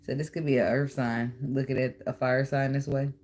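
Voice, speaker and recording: A woman gives a casual, animated tarot reading, talking straight to her viewers. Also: very deep voice, moderate pace, background noise. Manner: animated, talks to viewer, bursts into song and laughter. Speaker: tarot reader.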